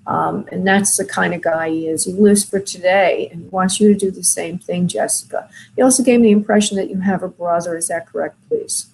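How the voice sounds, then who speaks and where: A woman hosting a call-in show as a spirit medium, talking gently and soothingly to callers, with many fillers. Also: on the low side, fairly even intonation, brisk, vocal fry, a little hiss or hum, poor audio. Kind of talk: call-in reading, soft and consoling.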